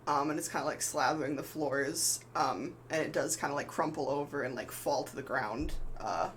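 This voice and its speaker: A man's voice: on the high side, moderate pace, fairly bright tone, low-quality recording. Male game master, casual rambling narration, faint background noise. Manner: loose, filler-heavy narration.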